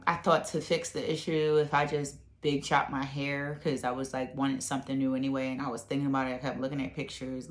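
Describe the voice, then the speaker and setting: A woman vlogger chatting casually to her camera at home, rambling with lots of fillers. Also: a bass voice. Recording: echoey room.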